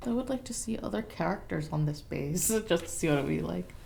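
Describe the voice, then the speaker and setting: A woman's voice: lowish voice, animated, brisk, gravelly, darkish tone. Chatty, opinionated woman co-hosting a toy review. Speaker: co-host of a toy review show. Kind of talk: casual review chat.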